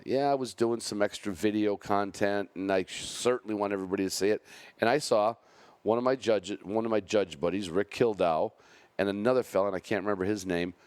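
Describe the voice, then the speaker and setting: A man with a deep, low voice talks casually as a podcast host. He rambles and corrects himself mid-sentence in an easygoing way. The sound is dry and close. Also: steady tone, fairly quick, a little mellow, clear, resonant tone, no echo. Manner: rambling, self-correcting, chatty. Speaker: podcast host and bird dog handler.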